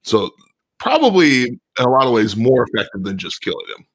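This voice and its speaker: A man co-hosting a podcast, calmly summarizing and analyzing a TV episode with a measured, explanatory manner. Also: mid-range voice. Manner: measured, explanatory, with filler ums. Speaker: podcast co-host. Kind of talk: casual analytical TV recap.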